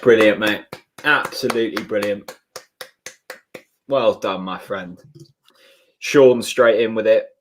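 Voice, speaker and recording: A man's voice: fairly low pitch, takes it slowly, long pauses, slight background noise. A man hosting a fan watchalong stream, chatting casually and reading viewer messages with banter. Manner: chatty, reads out super chats with banter.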